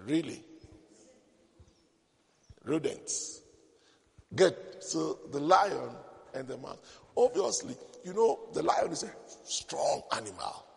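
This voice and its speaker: Male preacher, high animated voice, story sermon with jokes, reverberant church. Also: takes it slowly, vocal fry, long pauses, breathy edge. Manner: storytelling with joking asides to the congregation. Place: church service. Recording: long hall reverb.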